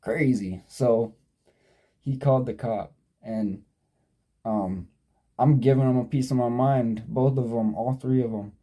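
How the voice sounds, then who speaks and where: A young man in his twenties, talking straight to the camera in a loose, rambling vlog. His voice is very dark and mellow at an ordinary pitch. He swears freely and keeps drifting off on tangents and correcting himself. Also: fairly even intonation, a little slow, long pauses. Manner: digressive, profane, sidetracks and self-corrects. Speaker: vlogger. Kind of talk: casual rambling storytelling.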